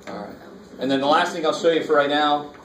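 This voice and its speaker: A man's voice: fairly high pitch, expressive, fast, a bit bright. A man teaching a college math lecture, casually walking students through calculator steps with slangy asides. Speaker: math instructor. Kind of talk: classroom lecture. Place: college classroom. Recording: echoey classroom, mic far off, faint noise.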